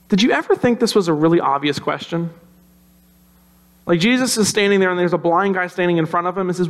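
A man preaching a sermon in a conversational, animated storytelling way. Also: high-pitched, fairly quick. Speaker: pastor.

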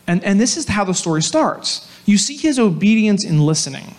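High-voiced man preaching a conversational sermon. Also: a little fast, few pauses. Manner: conversational, animated storytelling with asides to the congregation. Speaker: pastor.

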